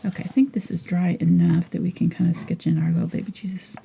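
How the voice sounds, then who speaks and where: A woman's voice: fairly low pitch, little pitch movement, fast talker, vocal fry, mellow, slight background noise. A middle-aged woman teaching a live painting tutorial, chatting and thinking aloud as she works. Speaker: painting instructor.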